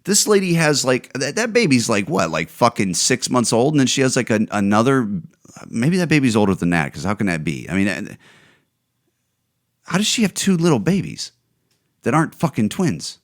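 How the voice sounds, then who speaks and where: A man hosting a podcast, ranting and swearing with a lot of exasperation. His pitch swings widely and he often trips over repeated words. His voice sits at an ordinary middle pitch. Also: sing-song, moderate pace. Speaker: podcast host. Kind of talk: ranting commentary on viral videos.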